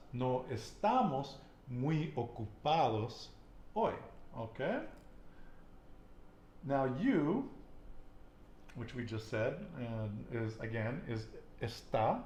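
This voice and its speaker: A man's voice: medium pitch, darkish tone, roomy sound. A man teaching a casual Spanish lesson, patiently quizzing his student with questions.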